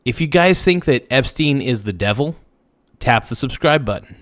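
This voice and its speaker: A man hosting a casual livestream, slangy and hyped as he thanks subscribers, his voice slightly hoarse. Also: mid-range voice, lively intonation, moderate pace, fairly bright tone, no echo, clean studio sound. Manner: hypes subscribers, slangy and loose. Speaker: livestream host.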